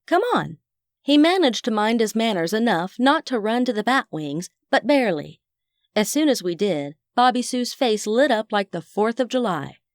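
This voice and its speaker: A woman's voice: on the high side, lively intonation, normal speed, dry recording, clean studio sound. A woman narrating a first-person audiobook in a wry, chatty manner.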